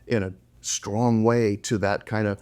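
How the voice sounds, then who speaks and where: A man's voice: on the low side, steady tone, unhurried, a little mellow, clean tone. A middle-aged man, a psychologist co-hosting a casual conversational podcast, talking animatedly and acting out quoted lines. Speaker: co-host, psychologist.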